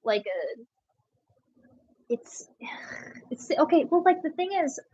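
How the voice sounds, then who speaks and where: A woman's voice: high voice, very animated, takes it slowly, darkish tone. A young woman of Puerto Rican background, a guest on a casual livestream, who rambles and packs her speech with filler words. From Puerto Rico. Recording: dull, dry lo-fi mic.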